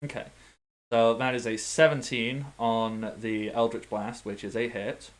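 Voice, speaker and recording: A man narrating as game master in a tabletop game, animated and playful, with sound effects. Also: mid-range voice, a little slow.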